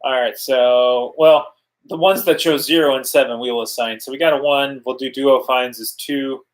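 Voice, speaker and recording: A man co-hosting a casual podcast, dropping crude deadpan quips. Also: mid-range voice, normal speed, low-quality recording. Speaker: podcast co-host. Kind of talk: casual banter.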